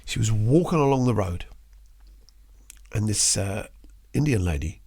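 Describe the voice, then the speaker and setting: A middle-aged man hosting a casual interview, telling lively stories, swearing casually and acting out the people in them. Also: on the low side, measured pace, breathy edge, no room sound, studio quality. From England. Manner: animated storyteller, swears casually, acts out quoted voices. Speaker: podcast host.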